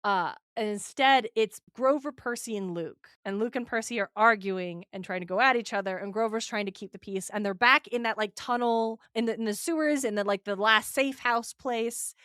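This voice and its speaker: Animated woman chatting, high and dry. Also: moderate pace, hardly any pauses, clear, resonant tone, no room sound. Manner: animated, acts out quotes, frequent restarts. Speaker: podcast host. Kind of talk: casual chat.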